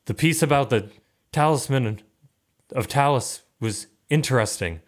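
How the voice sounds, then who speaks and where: A man doing an excitable male scientist. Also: medium pitch, voice pushed up, natural voice. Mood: excited. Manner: excitable, rushed.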